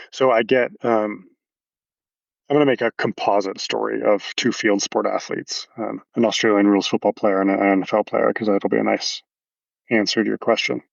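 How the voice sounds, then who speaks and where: Low-voiced man, dull dry recording. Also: vocal fry, no room sound. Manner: explanatory, anatomical detail, frequent fillers. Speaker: movement coach. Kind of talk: casual podcast interview.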